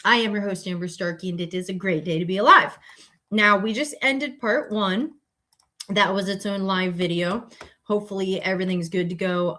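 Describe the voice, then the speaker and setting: A woman's voice: fairly low pitch, fairly bright tone. A woman hosting a podcast on a live stream, talking casually and rambling, with many fillers and self-corrections. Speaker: podcast host.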